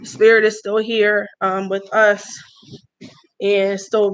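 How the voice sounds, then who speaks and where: A young woman casually hosting a livestream, chatty and spiritual, pausing with sighs as she talks. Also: medium pitch, level tone, highs cut off. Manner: chatty, spiritual, gets emotional with sighs and pauses. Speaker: livestream host, herbal brand founder.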